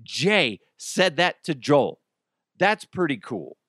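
A man's voice: on the high side, sing-song, takes it slowly, fairly bright tone, no room sound. Guy doing a solo podcast, jokey and self-deprecating, dry studio sound. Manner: joking, self-deprecating, laughs often. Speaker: podcast host. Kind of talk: casual solo podcast monologue.

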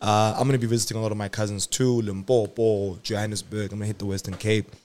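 A young man from South Africa co-hosting a podcast, bantering casually in a quick, jokey, playful way. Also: fairly low pitch, level tone, darkish tone. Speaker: podcast co-host. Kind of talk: casual chat.

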